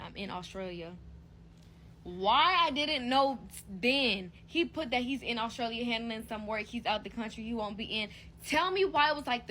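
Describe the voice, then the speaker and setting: A young woman, her voice sitting a little high, runs through a casual storytime packed with fillers and back-and-forth quotes. There is a faint hiss under the voice. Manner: animated retelling, heavy fillers, acts out both sides. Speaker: vlogger.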